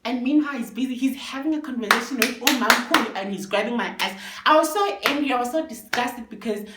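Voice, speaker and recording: A young South African woman telling a story to camera in a casual, animated way, switching languages and swearing freely. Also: fairly high pitch, fast, echoey room, very noisy. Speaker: storytime vlogger.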